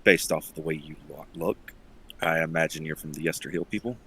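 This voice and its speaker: A man playing a character in a tabletop game, speaking in a measured, earnest way. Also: extremely low pitch, sharp tone, slight background noise. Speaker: player. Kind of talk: in-character roleplay.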